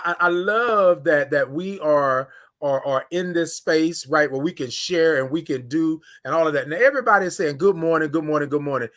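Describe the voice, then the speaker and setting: On a casual morning livestream, a man with a slightly high voice greets viewers by name. He's animated and draws his greetings out.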